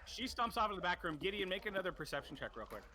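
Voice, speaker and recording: A man's voice: high voice, big pitch swings, rapid-fire, pushed and bright, slight background noise. A man running a tabletop game as dungeon master, talking loosely with lots of restarts. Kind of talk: casual tabletop game narration.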